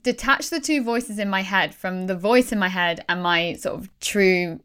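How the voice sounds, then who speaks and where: A woman's voice: medium pitch, moderate pace, fairly bright tone, clear, resonant tone. A woman hosting a podcast interview, chatty and affirming, with frequent restarts as she relates to her guest. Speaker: podcast host. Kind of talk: casual podcast conversation.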